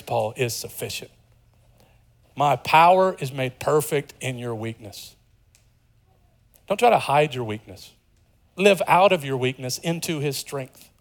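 A man preaching a sermon as pastor, earnest, dropping to a hush and then rising with emphasis. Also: a little high. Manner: earnest, swings from hushed to emphatic.

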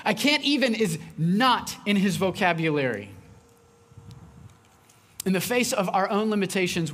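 A man's voice: high voice, fairly bright tone. A man preaching a sermon as pastor, talking conversationally and acting out lines from his young daughter.

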